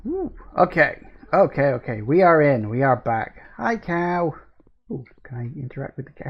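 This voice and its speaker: A woman narrates a farm-building game in a chatty let's-play style. Her pitch jumps around freely, and she breaks into sudden excited cries and laughter while reading the game's prompts aloud. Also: slightly rough, highs cut off. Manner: chatty, easily excited, quick to laugh and swear. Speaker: gaming video host. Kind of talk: casual let's-play commentary.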